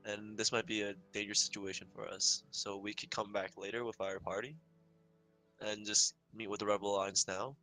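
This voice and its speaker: A young man with a somewhat low, bright and forceful voice, playing a tabletop game over voice chat. He stammers and restarts as he plans his next move, with faint music behind. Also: flat delivery, fairly quick, poor audio. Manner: hesitant, stammering, laughs a lot. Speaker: player. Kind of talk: casual tabletop game play.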